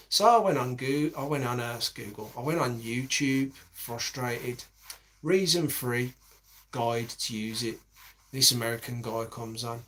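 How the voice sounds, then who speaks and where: A man's voice: medium pitch, unhurried, a bit bright. A man in his forties, rambling in a casual monologue with heavy swearing and many restarts.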